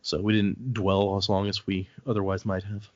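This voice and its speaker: A podcast host and editor talks casually at normal speed, drifting through anecdotes with many restarts. His voice is fairly low with a level tone. The lo-fi audio is dry and dull, with no echo.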